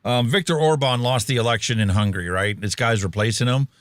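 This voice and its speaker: A man's voice: medium pitch, brisk, dry recording, studio quality. A man co-hosting a casual podcast talk show, rambling with lots of fillers and dad jokes. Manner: jokey, rambling, many fillers. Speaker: podcast co-host.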